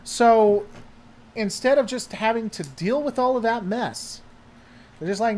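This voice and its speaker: A man's voice: very high voice, unhurried, a little mellow. A man hosting a casual livestream chat, rambling and heavily sarcastic as he answers viewers. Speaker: host.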